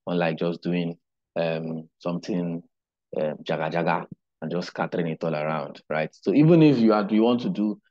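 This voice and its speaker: A man teaching a digital marketing class online, unhurried and explanatory, often checking in with "right?". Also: sits low, dark tone, lo-fi sound. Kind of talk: live online class lecture.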